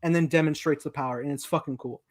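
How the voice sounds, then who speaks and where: A man hosting a casual movie review chat, talking excitedly and laughing often. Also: fairly high pitch, fast talker. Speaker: podcast host.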